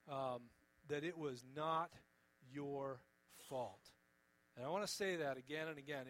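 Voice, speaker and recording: A man preaching a sermon in an earnest, gentle, pleading way, often dropping soft on key words. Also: fairly high pitch, poor audio. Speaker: pastor.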